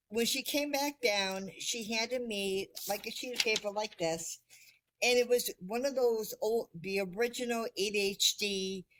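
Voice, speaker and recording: A woman speaks as a podcast guest, telling her own story in a relaxed, chatty way. She talks slowly at a middle pitch. She laughs easily and pokes fun at herself. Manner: lively, laughs often, self-deprecating. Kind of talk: casual storytelling.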